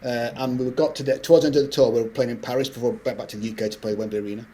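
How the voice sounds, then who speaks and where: A middle-aged man, telling stories as a podcast guest in animated, rambling talk. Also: medium pitch. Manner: fast, animated anecdote-telling with frequent laughs. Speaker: guest composer. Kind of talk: casual podcast interview storytelling.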